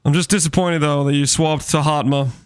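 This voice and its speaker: A man's voice: on the high side, steady tone, a little fast, clear, resonant tone, no echo. A man streaming a game and chatting casually with viewers, teasing them in playful mock outrage. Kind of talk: casual gaming stream chat.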